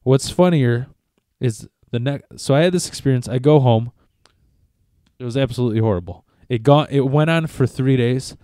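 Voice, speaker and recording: Dark-voiced man telling a rambling story. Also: mid-range voice, normal speed, dry recording, clean studio sound. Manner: rambling, profane, self-interrupting. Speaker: podcast co-host. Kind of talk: casual chat, storytelling.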